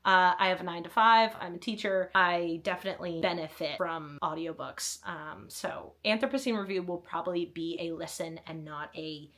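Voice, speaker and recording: A woman's voice: on the low side, moderate pace, hardly any pauses, fairly bright tone. A young woman vlogging about books she wants to read, in chatty, enthusiastic talk with self-mocking asides. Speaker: book vlogger. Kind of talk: casual chat with read-aloud blurbs.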